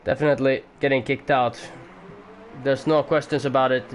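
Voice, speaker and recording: A man doing amateur commentary on a sim race at home, excitable at times, swearing now and then, and keeping his voice down for the neighbours. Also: medium pitch, normal speed, slight background noise. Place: home room.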